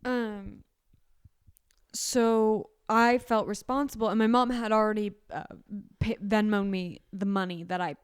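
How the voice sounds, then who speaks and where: A woman's voice: mid-range voice, fairly even intonation, a little slow, smooth, dry recording, clean studio sound. Young woman rambling through a stressful story. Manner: rambling, self-correcting, emotional storytelling. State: sick. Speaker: podcast co-host. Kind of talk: casual chat.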